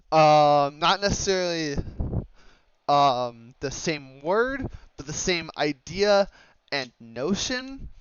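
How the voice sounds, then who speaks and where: A man's voice: a little high, smooth, no echo. A young man from Oregon giving a slide presentation on dialect maps, hesitant with many fillers and self-corrections. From Oregon, USA. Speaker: student presenter. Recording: slightly dull lo-fi mic.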